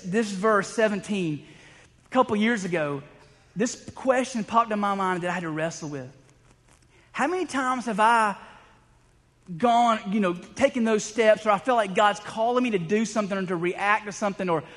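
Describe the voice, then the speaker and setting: A man's voice: high-pitched, fairly bright tone, long reverb tail. A man preaching a sermon, telling stories in a conversational way with frequent restarts. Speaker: pastor.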